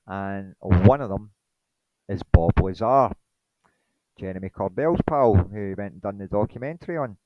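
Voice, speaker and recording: A man's voice: lowish voice, dark tone, dry recording, low-quality recording. A man giving a rambling, indignant monologue presentation that dismisses his critics.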